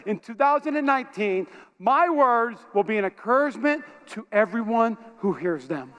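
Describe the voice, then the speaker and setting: A man's voice: high voice, clear, resonant tone. A man preaching a sermon to his congregation in a church auditorium, telling stories with lots of energy and calling out to the crowd. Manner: energetic, animated storytelling with call-outs to the congregation. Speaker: pastor. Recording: reverberant hall.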